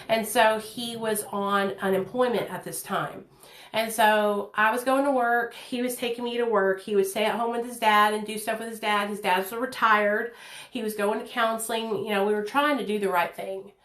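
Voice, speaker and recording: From her kitchen at home, a woman in her thirties candidly and earnestly shares her life story with viewers, calling them "you guys." Her voice is mid-range and fairly bright, with a reverberant sound.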